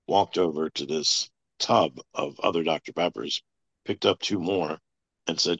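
A man telling a long personal story as an interview guest, in a flat, matter-of-fact way. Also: very deep voice, moderate pace, breathy edge, no echo. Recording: dull lo-fi sound.

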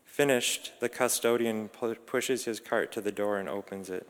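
A man narrates a reflective first-person story with calm, measured delivery. His voice is low and smooth, with little rise and fall, and it rings out with a long reverb.

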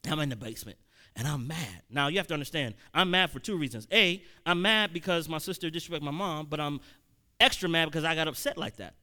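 Man, preacher, bright ringing tone, slightly high voice, storytelling sermon, conversational with loud emphatic bursts. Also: fast talker. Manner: conversational, rising to loud emphatic peaks, with repeated restarts.

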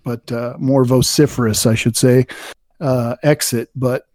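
A poet, interviewed as a guest in a casual conversation about his poems, speaks thoughtfully and rambles with many fillers and restarts. His medium-pitched, slightly mellow voice has fairly even intonation and a slightly slow pace, recorded at studio quality with no room sound.

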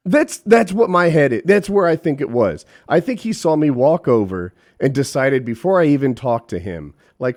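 Animated, swearing man telling a story. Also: mid-range voice, normal speed, hardly any pauses. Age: middle-aged. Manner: animated, profane, quotes people in voices. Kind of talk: casual storytelling chat.

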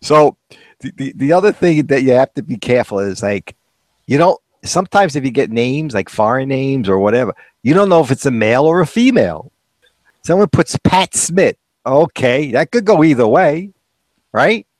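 A man's voice: mid-range voice, very animated, normal speed, darkish tone, dry recording. A man co-hosting a casual chat, telling anecdotes with chuckles and acting out quoted voices. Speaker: co-host.

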